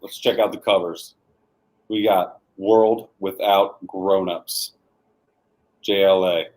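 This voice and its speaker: A man's voice: deep voice, steady tone, slow, a little mellow, rough recording. Easygoing man calling out comic deals. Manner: easygoing, lists deals and repeats "folks". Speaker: co-host of a live comic shop sales show. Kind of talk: live sales pitch.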